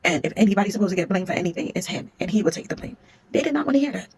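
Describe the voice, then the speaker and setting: A woman tells a story in a casual, blunt way, leaning hard on key points. Her voice is husky and mid-pitched. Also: expressive, very fast, low-quality recording. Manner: blunt, emphatic, conversational.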